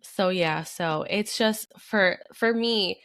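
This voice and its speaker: A woman's voice: medium pitch, slow, fairly bright tone, clear, resonant tone, dry recording. Chatty young woman telling a story. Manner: chatty storytelling, many fillers. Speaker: podcast co-host. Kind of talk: casual chat.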